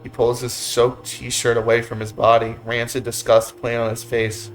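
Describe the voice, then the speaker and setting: A man hosting a let's play, reading the narration of a visual novel aloud in a steady voice. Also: mid-range voice, normal speed, few pauses, soft background music. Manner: steady narration with goofy joking asides.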